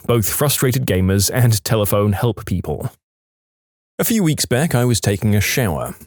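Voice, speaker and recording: A man reading reader-submitted funny stories aloud as a lively, animated scripted narration. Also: fairly low pitch, no echo, clean studio sound. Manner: lively, animated storytelling delivery. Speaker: story narrator.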